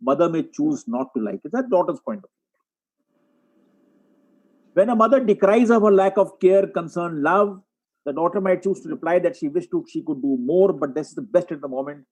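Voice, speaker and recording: A man giving a webinar lecture as a psychiatrist, walking through case examples and often clearing his throat. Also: a little high, normal speed, a little mellow, rough recording. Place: online webinar.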